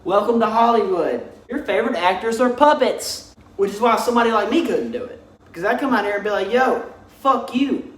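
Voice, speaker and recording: A man's voice: high voice, animated, fast. Profane man ranting in an echoey room. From Texas. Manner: blunt, heavy swearing, mocking. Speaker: vlogger. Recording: roomy echo, distant mic.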